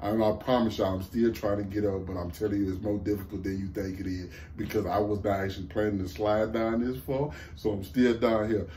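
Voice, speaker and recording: A man with a Southern American accent recapping a TV episode in a casual, excited, profane way, laughing often, slumped low in a seat at home. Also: a little fast, few pauses, a little hiss or hum. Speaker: TV review vlogger.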